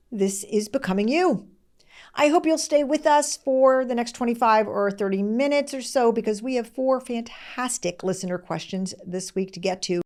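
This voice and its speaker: Fast-talking woman podcast host. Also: medium pitch. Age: middle-aged. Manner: fast-talking, candid and expressive. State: tearful, close to crying. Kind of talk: conversational podcast talk.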